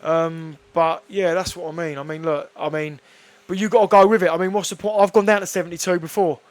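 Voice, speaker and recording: Brisk fighter guest, higher voice, rattles off blunt sweary anecdotes. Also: male voice. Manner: blunt, sweary, animated storytelling. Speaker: guest kickboxer. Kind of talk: casual interview chat.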